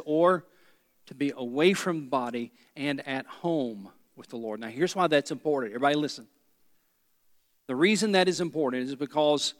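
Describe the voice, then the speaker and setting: A man's voice: on the high side, long reverb tail. A pastor preaching a sermon, a man who drives points home by repeating key phrases.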